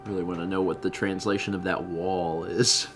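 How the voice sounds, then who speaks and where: A man chatting casually as co-host of a game stream, animated and thinking aloud as he reacts to the game. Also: low-pitched, moderate pace. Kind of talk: casual gameplay commentary. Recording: music playing behind the voice. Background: game music.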